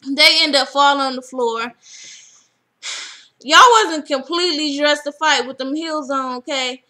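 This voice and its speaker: Lively, high-voiced woman recapping a show. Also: measured pace. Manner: animated, acts out quotes. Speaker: reality TV recap vlogger. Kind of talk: casual episode recap.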